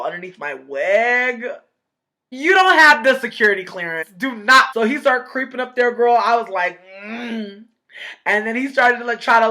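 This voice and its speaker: A woman vlogger telling a storytime in a casual, animated, profane way, acting out quoted voices. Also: lowish voice.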